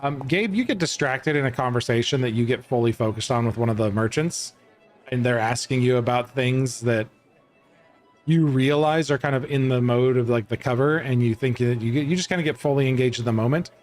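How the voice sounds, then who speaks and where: As game master, a man narrates a tabletop role-playing game over soft background music. His voice is medium in pitch, and he speaks in a loose, halting way, full of fillers and restarts.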